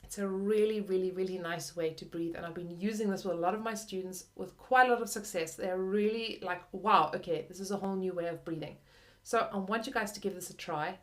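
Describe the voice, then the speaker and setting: A woman's voice: on the low side, fairly even intonation, a little fast. A young adult woman teaching flute in a friendly, chatty way, often using "like" and "kind of". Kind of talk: video lesson.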